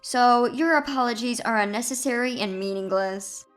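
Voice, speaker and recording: Calm, amiable male lawyer in a narrated drama story, read by a woman, with a higher-pitched voice and firm, measured lines. Faint music plays behind. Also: close to an everyday voice.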